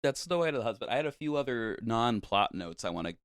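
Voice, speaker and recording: A man's voice: medium pitch, lively intonation, fast talker, clear, resonant tone, no room sound, studio quality. A man co-hosting a casual movie review podcast, joking around and laughing often. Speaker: podcast co-host.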